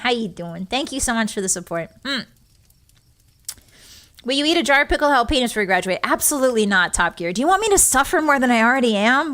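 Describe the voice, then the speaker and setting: Giggly high-voiced young woman streamer. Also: animated, fast talker, fairly bright tone. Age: young adult. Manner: giggly and playful, teary and thankful. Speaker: virtual streamer. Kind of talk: casual livestream chat.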